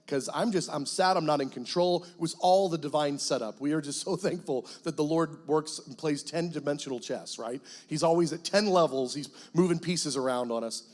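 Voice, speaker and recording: Pastor, male, slightly high voice, lively testimony sermon with jokes. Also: moderate pace, few pauses. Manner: animated storytelling, acts out his past self, jokes with the congregation. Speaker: guest pastor.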